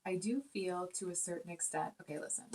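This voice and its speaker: A woman's voice: on the low side, quick pace, a little mellow. A woman giving a casual spoken tarot reading, earnest and rambling, with many fillers and restarts. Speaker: tarot reader.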